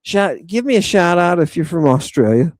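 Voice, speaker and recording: A man in middle age hosts a live chat stream, jumping from comment to comment with loud, profane enthusiasm. His voice sits a bit higher than most men's and comes across close and dry, with no room echo. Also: moderate pace. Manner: excitable, profane, riffing on viewer comments. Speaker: livestream host reading chat.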